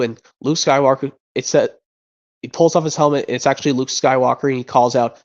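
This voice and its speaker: A man's voice: mid-range voice, steady tone, brisk. A man streaming, chatting casually and rambling with frequent restarts and repeated words. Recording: dull lo-fi sound.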